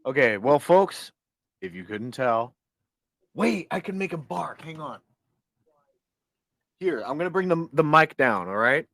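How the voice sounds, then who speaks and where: A man's voice: fairly high pitch, very animated, a little slow, creaky, long pauses, a bit bright, no echo. A man co-hosting a podcast at home, chatting playfully and coaxing his dog toward the mic. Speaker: podcast co-host. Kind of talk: casual chat. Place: home, on a couch.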